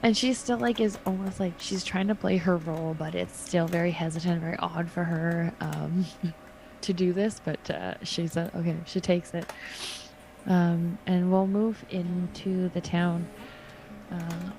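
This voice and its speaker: A woman's voice: on the low side, steady tone, unhurried, gravelly, dark tone, soft background music, low-quality recording. A woman playing a tabletop game, laughing often as she describes what her character does. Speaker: player. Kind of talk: tabletop game play, casual chat.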